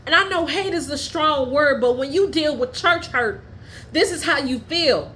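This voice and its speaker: Woman, podcast host, blunt, profane, heated, fairly high voice, faint hiss behind. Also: animated, normal speed. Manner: drops low and quiet when telling family matters. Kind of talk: candid personal storytelling.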